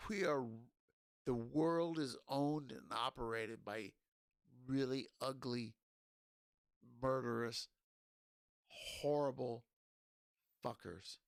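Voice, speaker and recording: A drunk man streaming, ranting in an angry, profane, halting way. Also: medium pitch, gravelly, clean tone, dry recording. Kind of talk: ranting casual stream talk.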